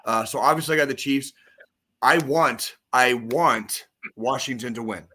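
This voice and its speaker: Swearing, excitable male podcast co-host. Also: medium pitch, a little slow. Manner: profane, excitable, rambling sports-fan rant. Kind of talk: casual chat.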